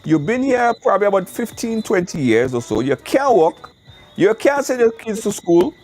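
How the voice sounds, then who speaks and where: A man's voice: high voice, normal speed, soft background music. A man, hosting a live call-in show, talking casually and emphatically, often repeating words, recorded outdoors in the wind. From Caribbean. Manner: animated, emphatic repetition. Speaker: show host. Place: outdoors, windy.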